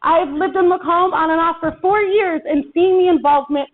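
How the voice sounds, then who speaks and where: An impassioned woman organizer speaks to a town hall crowd in a very high voice, folksy and rousing. The sound is thin and tinny, like it came through a phone line. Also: fairly quick. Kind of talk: rally speech. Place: town hall meeting room.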